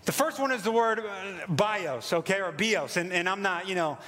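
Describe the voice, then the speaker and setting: High-voiced preacher man in a reverberant hall. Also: a little fast. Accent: American. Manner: casual, excited preaching with many fillers. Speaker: pastor. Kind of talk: sermon.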